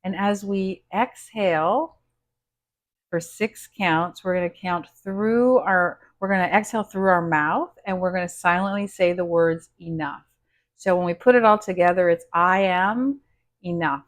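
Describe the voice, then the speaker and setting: A woman coaching a guided self-help session, gentle and encouraging, often checking in with the listener and counting slowly through breathing exercises. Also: fairly low pitch.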